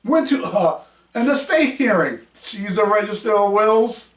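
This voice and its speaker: Fiery high-voiced man ranting on a podcast. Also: expressive, unhurried. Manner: combative, mocking, raises voice to shout. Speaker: podcast host. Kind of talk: heated podcast rant. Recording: roomy echo, mic at a distance.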